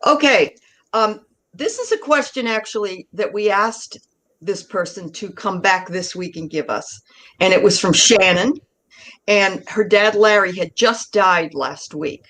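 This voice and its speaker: A woman hosts a spiritual talk show in a loose, conversational way, thinking aloud with small restarts. Her voice sits at an ordinary middle pitch. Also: a little slow, a bit bright, low-quality recording. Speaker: show host.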